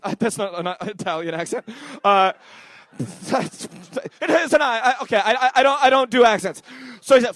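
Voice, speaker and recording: A man's voice: high voice, a little fast, dry recording. A young man from Canada doing a rambling, self-deprecating stand-up set on a comedy club stage, riffing with the crowd through a handheld mic.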